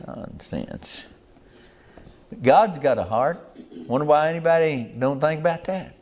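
A man's voice: a little high, normal speed, darkish tone, muffled recording. An older man, preaching a sermon in a folksy, rambling way with rural grammar.

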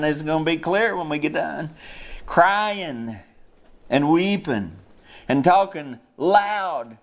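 A fairly high-voiced man delivers a fervent sermon. He drops low for emphasis, then rises into loud, pleading cries. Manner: impassioned, rises to high cries when quoting. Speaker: pastor.

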